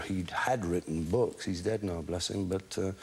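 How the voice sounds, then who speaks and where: A man's voice: sits low, moderate pace, gravelly. Older man telling drama school anecdotes. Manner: storytelling, mimics the people he quotes. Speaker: interviewee, former drama school classmate. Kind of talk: anecdotal documentary interview.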